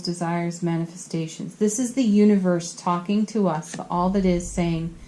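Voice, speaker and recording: Slow, soft-spoken giggly tarot reader woman. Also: on the low side. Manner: soft, earnest and giggly, often laughing at herself. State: tired. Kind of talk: spiritual card reading to camera.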